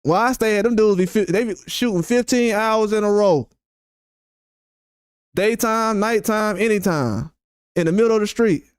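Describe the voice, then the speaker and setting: Ranting on his live stream, the host of a boxing channel is blunt, profane and repetitive. His voice sits high at a moderate pace, with a clean tone, no echo and studio-quality sound.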